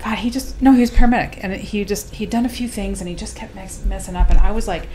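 A woman working as a physician assistant, chatting on a podcast and telling stories with halting restarts. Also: mid-range voice, steady tone, mellow, slight background noise. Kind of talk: casual chat.

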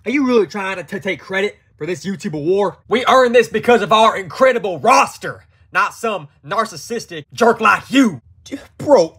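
A man voicing a cocky veteran male wrestler who trash-talks in a low, boastful way. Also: fairly bright tone, breathy edge, exaggerated voice.

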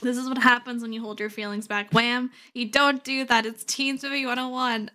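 A woman's voice: on the high side, normal speed, hardly any pauses. A young woman streamer reading game dialogue aloud and reacting expressively between lines. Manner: expressive, shifts between soft reading and loud laughing outbursts.

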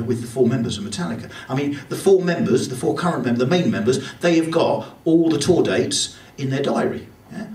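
A man performing a stand-up comedy set in a club, telling rambling self-deprecating stories. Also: on the high side. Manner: rambling anecdotal delivery with self-deprecating asides. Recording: echoey club from far off with loud crowd. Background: audience laughter.

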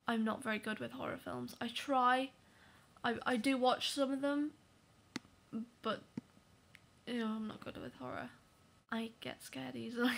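A woman's voice: fairly high pitch, gravelly, fairly bright tone, slight background noise. A young woman giving a casual movie review vlog, chatty and apologetic, often dropping to a whisper for asides. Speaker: vlogger.

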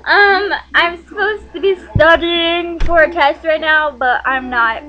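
A woman's voice: very high-pitched, unhurried, lo-fi sound, faint music behind. A young woman rambling playfully in a casual vlog, giggling and putting on a funny voice. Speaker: vlogger.

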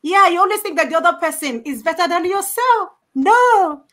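A woman's voice: very high voice, animated, normal speed, a bit bright. A woman from Africa speaking on a panel, emphatic and repeating her key points for stress. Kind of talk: impassioned panel talk.

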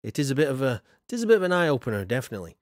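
A man's voice: medium pitch, very animated, rapid-fire, no echo, studio quality. A man streaming a game, casually reading viewers' comments aloud and chatting with frequent fillers. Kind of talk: casual live-stream chat.

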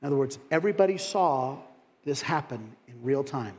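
A man preaching a sermon in a church. He is animated, acts out the voices of critics with sudden loud, high rises, and drops in folksy asides and laughs. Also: a little fast. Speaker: pastor. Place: church sanctuary. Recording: long hall reverb.

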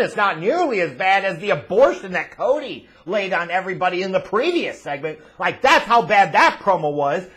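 A man hosting a wrestling review, ranting angrily and profanely, often building to shouts. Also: high-pitched. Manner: angry, profane, shouting ranter.

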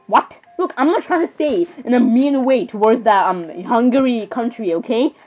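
A teenage girl talking fast and loose on her vlog, her voice sitting a bit high. She rambles dramatically, restarting and apologising over and over. Faint music plays behind her. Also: animated, darkish tone, rough recording. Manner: fillers, restarts and repeated apologies, chatty and dramatic. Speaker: vlogger. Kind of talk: casual rambling chat.

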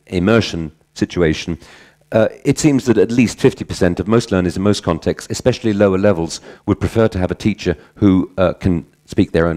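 Low-voiced man giving a conference talk. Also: darkish tone. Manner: conversational, tells anecdotes with self-corrections. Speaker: conference speaker on language teaching.

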